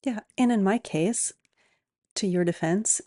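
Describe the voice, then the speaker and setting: A woman co-hosting a podcast, soft-spoken and agreeable in casual chat. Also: mid-range voice, unhurried, no room sound, clean studio sound. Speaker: podcast co-host.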